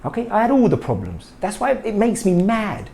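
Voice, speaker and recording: A middle-aged man delivers an indignant monologue to camera. His pitch swings widely as he fires off rhetorical questions and repeats points for emphasis. The talk is loose and unscripted, like a vlog rant. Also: huge pitch swings, moderate pace, creaky, dark tone. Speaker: health vlogger.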